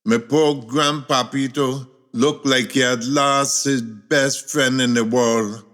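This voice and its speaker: A man tells a folk tale in an unhurried, rhythmic voice. His pitch is middling for a man and his telling lingers on each phrase. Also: fairly even intonation, a bit bright. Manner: slow, rhythmic, folksy telling. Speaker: storyteller. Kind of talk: spoken-word storytelling.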